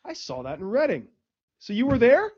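A man's voice: extremely high pitch, wildly swooping pitch, a little mellow, dry recording, dull audio. A man from Pennsylvania hosting a podcast, joking and teasing his guests in casual chat. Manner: jokey, teasing, quick reactions. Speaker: podcast host.

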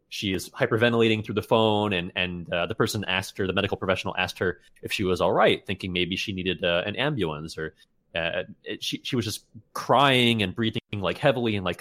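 A man co-hosting a casual podcast, reading out funny stories with halting restarts and frequent laughs. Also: deep voice, a bit bright. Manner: halting, many restarts and fillers, laughs often. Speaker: podcast co-host.

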